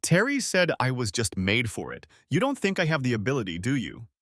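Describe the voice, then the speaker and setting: A man's voice: medium pitch, wildly swooping pitch, fairly quick, a bit bright, no room sound. A man voicing a defensive married woman who stammers when nervous and snaps when angry, in a dry storybook reading. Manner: stammering, then snapping.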